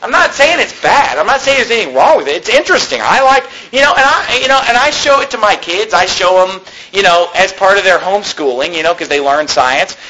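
A male pastor with a high, bright and forceful voice delivers an animated sermon, talking to the congregation in a conversational way and throwing out rhetorical questions. The sound is roomy, with faint background noise. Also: fairly quick, few pauses. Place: church.

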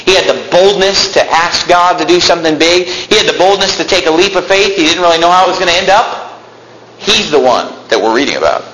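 High, bright-voiced preaching man. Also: reverberant, a little hiss or hum, poor audio. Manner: animated, acting out quotes, bursts into shouting. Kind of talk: sermon.

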